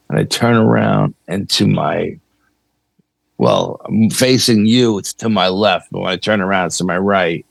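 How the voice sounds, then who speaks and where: A man's voice: on the low side, normal speed, creaky, dry recording. A man, a podcast guest casually recounting a story and acting out the dialogue. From New York. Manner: animated, acts out dialogue in the story. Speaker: podcast guest, paranormal investigator.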